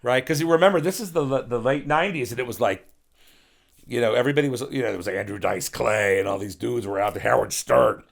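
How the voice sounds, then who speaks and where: A man's voice: mid-range voice, fast talker, vocal fry. A middle-aged man who is a guest on a podcast, telling rambling, profane stories in a casual interview and acting out other people's voices.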